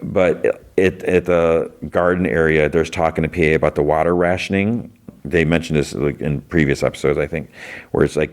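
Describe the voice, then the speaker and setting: A man's voice: rumbling low, fairly even intonation, moderate pace. A man hosting a podcast who recaps an episode in a loose, rambling way full of "like" and restarts. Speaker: podcast host.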